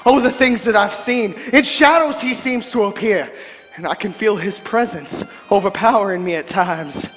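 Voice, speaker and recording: A man's voice: high voice, normal speed, fairly bright tone, soft background music. An actor playing a frightened young male traveler reciting his journal on a theatre stage, earnest and anxious. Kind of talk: stage monologue narration. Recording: theatre reverb with violin underscore.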